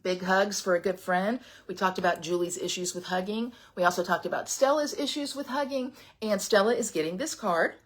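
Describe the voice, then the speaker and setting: A woman's voice: mid-range voice, fairly quick, hardly any pauses. A middle-aged woman teaching a live card-making class by webcam, chatty and rambling, sometimes dropping to a whisper. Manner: chatty and rambling, drops to a whisper when excited. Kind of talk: live online crafting class. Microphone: webcam at a craft desk.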